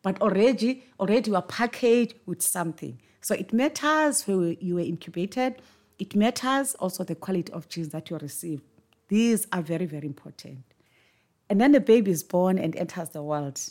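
A woman's voice: mid-range voice, animated, normal speed, darkish tone. A woman hosting a podcast, speaking in an earnest, emphatic monologue and repeating words for stress. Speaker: podcast host. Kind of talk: reflective monologue on parenting.

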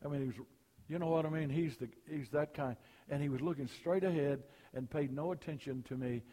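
An older man preaching a sermon, telling folksy personal stories and rising high and loud for punchlines. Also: a little fast, big-room sound.

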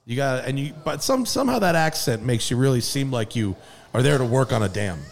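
A man in a podcast conversation telling an animated, rambling story and laughing often. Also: medium pitch, fairly quick, creaky, in a large hall. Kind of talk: casual storytelling.

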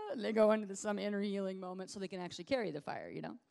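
A woman ministry leader giving an informal teaching sermon in a lively, conversational way, acting out the people she talks about. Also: medium pitch, racing, creaky, hardly any pauses. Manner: lively conversational preaching, acts out quoted people.

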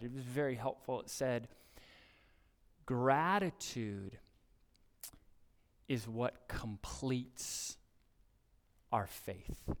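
A male pastor preaching a sermon in a church service, earnest and exhorting, building to excited emphasis. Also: medium pitch, long reverb tail. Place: church sanctuary during a service.

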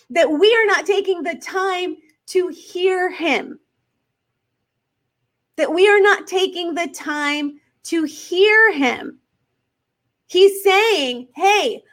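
A woman hosting a faith podcast, talking earnestly to her listeners and leaning on slow, emphatic questions. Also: high-pitched, a bit bright. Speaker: podcast host.

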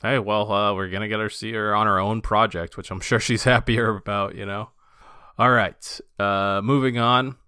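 A man's voice: fairly low pitch, steady tone, normal speed, pushed and bright, smooth, dry recording, clean studio sound. A man co-hosting a casual fan podcast, enthusiastic and loose, with lots of fillers and restarts. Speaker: podcast co-host.

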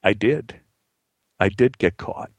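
A man voicing a blunt, gravelly old man. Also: fairly low pitch, slow pace, dry recording, pitched below the performer's own voice. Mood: reminiscing. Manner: blunt and salty, swears casually. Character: blunt, gruff old man recalling hard times.

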